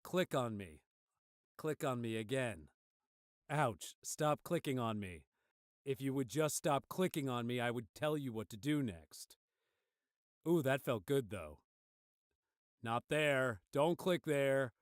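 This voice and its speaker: A man's voice: mid-range voice, lively intonation, takes it slowly, pauses often, dry recording, clean studio sound. A man voicing a playful adult male character in a game, teasing and mock-pained. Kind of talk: voiced game dialogue.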